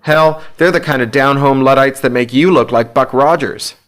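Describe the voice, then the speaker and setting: A man's voice: mid-range voice, moderate pace, pitched above the performer's own voice, natural voice. A man voicing a smug prankster friend who teases in a chummy, mocking way.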